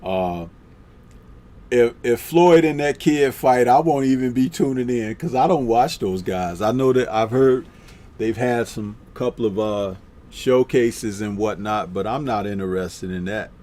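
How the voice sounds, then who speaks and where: A man hosting a boxing talk live stream, chatting casually and reading out viewer comments with a laid-back, drawn-out delivery. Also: mid-range voice, mellow.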